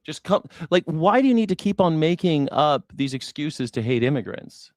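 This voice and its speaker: A man with a slightly high voice keeps up a normal pace with few pauses as he hosts a news reaction stream. Cursing and sarcastic, he fights with his chat over politics in a heated rant, captured in clean studio sound without room noise.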